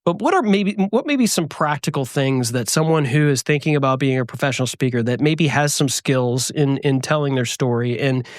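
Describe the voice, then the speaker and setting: A man's voice: mid-range voice, fairly quick, few pauses, no echo, clean studio sound. A man hosting a business podcast, asking long, rambling questions full of fillers. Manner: rambling, hesitant, many fillers. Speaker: podcast host. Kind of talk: casual interview chat.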